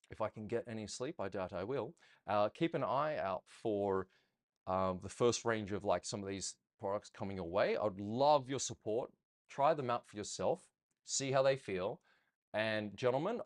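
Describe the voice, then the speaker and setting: Man coaching ballroom dance, counting steps. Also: on the low side. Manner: explains patiently, counts steps aloud, checks in with listeners.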